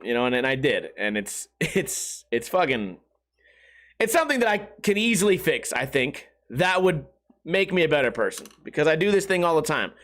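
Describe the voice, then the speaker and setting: Podcast host, male, high-pitched, profane and self-deprecating, loose rambling delivery. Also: very animated, normal speed, a bit bright. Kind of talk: casual podcast monologue.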